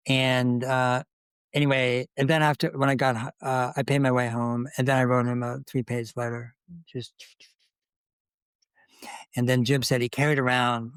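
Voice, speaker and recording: A man's voice: medium pitch, flat delivery, moderate pace, clear, resonant tone, dry recording. An older man as an interview guest, telling anecdotes in a conversational way and acting out the dialogue he quotes. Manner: anecdotal, acts out quoted dialogue, restarts often. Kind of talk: conversational storytelling.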